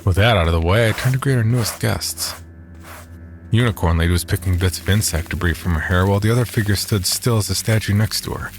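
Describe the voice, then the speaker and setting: A man narrating a horror audio drama in first person, wry and deadpan. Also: fairly low pitch, fast, soft background music.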